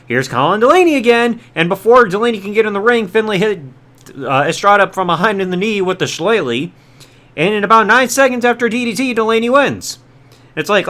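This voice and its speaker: Lively high-pitched male podcast host. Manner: chatty, quick asides, quotes characters mid-story. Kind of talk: casual recap of old wrestling storylines.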